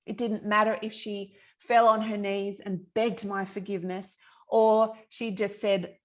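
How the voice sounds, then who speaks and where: A middle-aged woman talks through her own story as a podcast guest. She speaks earnestly and emphatically, at an ordinary pitch for a woman, and swears freely. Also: flat delivery, measured pace. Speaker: podcast guest, yoga teacher and healer. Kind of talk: candid personal storytelling in conversation.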